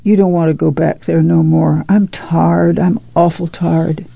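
A woman reading the part of a worn-out, grieving farm mother in a quiet, low voice, on a dull lo-fi recording. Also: little pitch movement, a little slow, vocal fry, slightly rough, no echo, heavily acted. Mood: weary, grieving. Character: weary, grieving farm mother, middle-aged.

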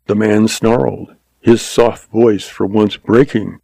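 A man reading a western story aloud as scripted narration, with measured, dramatic storytelling. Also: fairly low pitch, vocal fry, mellow, no echo.

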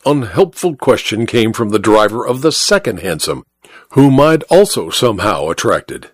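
A man reading a first-person story in a wry, measured way. His pitch moves a lot, giving an animated read. The recording is dry and close, with no room. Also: husky, no echo. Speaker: audiobook narrator.

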